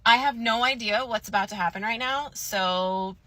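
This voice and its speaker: A young woman casually telling a story to camera, chatty and animated, saying "like" often. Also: fairly high pitch, normal speed. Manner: chatty, animated, says "like" a lot.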